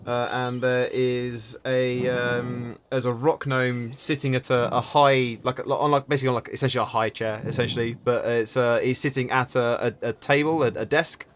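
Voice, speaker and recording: A man's voice: mid-range voice, little pitch movement, moderate pace, hardly any pauses, slight background noise. A man narrating a tabletop game as game master, rambling with many restarts.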